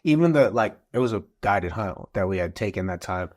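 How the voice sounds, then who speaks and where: Low-voiced man telling a hunting story. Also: fairly quick. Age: adult father of school-age kids. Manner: animated, acts out quotes in the story. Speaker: podcast guest. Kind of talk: casual storytelling.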